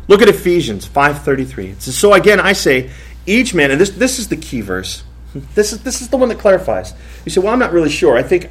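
A pastor in his thirties preaching a sermon in a lively, conversational way, often repeating himself. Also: on the high side. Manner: animated, conversational preaching with repetitions.

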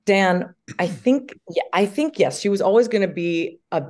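A woman in her thirties with a deep voice, chatting as an interview guest and telling animated stories in which she acts out quotes. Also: moderate pace. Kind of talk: casual interview chat.

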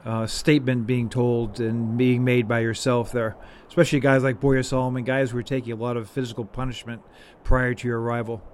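A man hosting a podcast interview, asking long, wordy questions in a measured way with "uh" fillers. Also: mid-range voice, little pitch movement, a little mellow, slight background noise. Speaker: podcast host.

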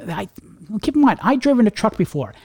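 A man's voice: sits high, very animated, a little fast, a little mellow, breathy edge. A middle-aged man co-hosting a podcast, ranting casually and rambling with lots of restarts. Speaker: podcast co-host.

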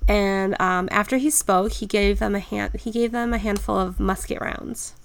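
A woman's voice: medium pitch, fairly even intonation, normal speed, gravelly. A woman co-hosting a podcast, easygoing and agreeable as she tells a ghost story. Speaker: podcast co-host. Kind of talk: casual chat.

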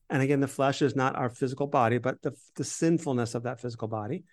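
A man's voice: mid-range voice, quick pace, few pauses. A man co-hosting a Bible podcast, explaining scripture in conversation and reading verses with emphasis.

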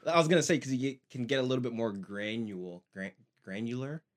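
A man's voice: medium pitch, quick pace. A young man co-hosting a podcast in casual chat, laid-back and mostly giving short replies. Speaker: podcast co-host.

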